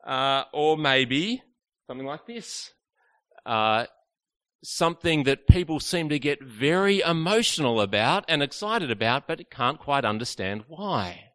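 Chatty man preaching, bright voice. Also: on the high side, very animated, measured pace. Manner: chatty and playful with the audience, many fillers. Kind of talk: evening church teaching talk.

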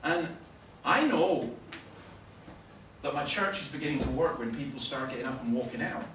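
Scottish preacher telling stories animatedly. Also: male voice, medium pitch, normal speed. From Scotland. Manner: animated storytelling, bursts of loud emphasis. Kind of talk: sermon with anecdotes. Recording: roomy, from far off, faint noise.

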